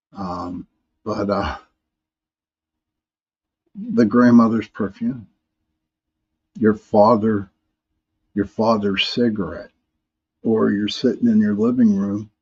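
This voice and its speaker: A man's voice: fairly low pitch, warm tone, breathy edge, muffled recording. A man hosting a live paranormal talk stream, reading viewer comments in a rambling way, often restarting and repeating words.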